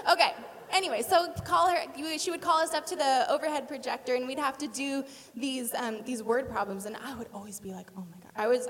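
Woman speaker, thirties, casual chatty sermon, fairly high voice, reverb of a hall. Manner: chatty, self-deprecating, laughing storyteller. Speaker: speaker at church. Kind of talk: sermon with personal story.

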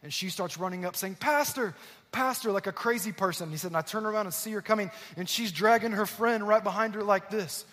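A man's voice: high voice, fairly even intonation, fast talker, hardly any pauses, a bit bright. A man preaching a sermon as a pastor, telling a story and acting out the voices of the people in it. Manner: storytelling, acting out quoted voices with rising intensity. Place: church auditorium. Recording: long reverb in a large hall.

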